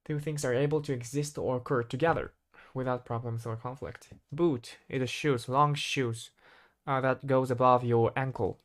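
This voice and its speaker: A man practicing vocabulary on his own, thinking aloud in a hesitant, halting way and correcting himself as he goes. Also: mid-range voice, steady tone. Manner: hesitant, halting, constantly restarting and self-correcting. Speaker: English learner.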